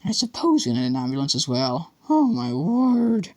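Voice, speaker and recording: A man's voice: on the high side, huge pitch swings, normal speed, mellow, voice pushed up. A man voicing a commanding female head teacher who gives firm, urgent orders.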